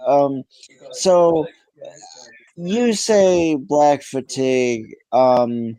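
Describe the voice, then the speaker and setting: Slow, tired-sounding man. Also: fairly high pitch, mellow, smooth, no echo, low-quality recording. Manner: slow and halting, many fillers. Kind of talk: casual live-stream chat.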